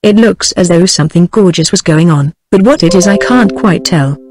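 A woman's voice: fairly low pitch, moderate pace, lightly acted. A British-accented text-to-speech woman's voice reading the lines of a wistful seventeen-year-old girl, with no change of voice. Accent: British English. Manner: flat synthetic delivery, no voice change.

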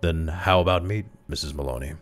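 A man's voice: very deep voice, brisk, soft background music. A man reading a story aloud, voicing a friendly, chatty grocer behind a shop counter. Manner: chatty and pleasant. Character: friendly middle-aged male shop grocer.

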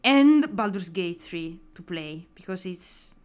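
A woman with an Italian accent chatting casually on a live drawing stream, excitable, with many fillers and restarts. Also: on the low side, slow, smooth.

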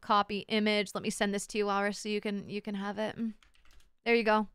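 A young woman livestreaming as a VTuber, chatting with her viewers in an excitable, playful way, swearing and laughing often. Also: medium pitch, fairly quick, clear, resonant tone, no room sound. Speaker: VTuber streamer. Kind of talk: casual livestream chat.

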